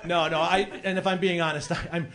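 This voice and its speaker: A man's voice: fairly high pitch, flat delivery, fairly quick, fairly bright tone. A man in his forties from the Chicago area doing a rambling, self-deprecating stand-up set, laughing through his lines. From Chicago area, USA. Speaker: stand-up comedian. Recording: live club mic with crowd noise.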